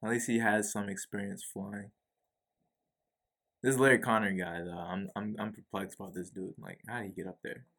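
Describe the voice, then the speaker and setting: A man's voice: fairly low pitch, fairly even intonation, normal speed, a bit bright. A young man co-hosting a podcast in casual, joking chat, often saying "bro". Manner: laid-back, joking, says "bro" often. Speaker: podcast co-host.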